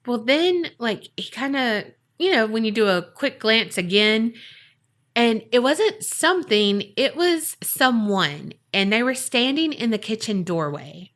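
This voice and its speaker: A woman's voice: mid-range voice, fairly bright tone. A woman cohosting a podcast tells a paranormal story in a chatty, dramatic way, with lots of casual fillers. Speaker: podcast co-host.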